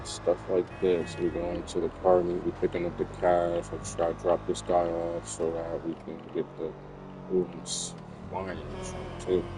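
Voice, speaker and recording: Low-voiced, laid-back gamer. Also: male voice, level tone, a little slow, noisy background. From New Jersey. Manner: laid-back, slangy, rambling. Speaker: gaming streamer. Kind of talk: casual commentary while playing. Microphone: USB desk microphone.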